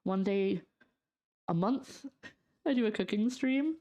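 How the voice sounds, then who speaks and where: A woman's voice: medium pitch, slow, warm tone. A young Scottish woman cooking on a casual livestream, chatting loosely with viewers and trailing off into fillers as she works in her home kitchen. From Scotland. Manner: chatty, reads out and answers chat, trails off in fillers. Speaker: streamer.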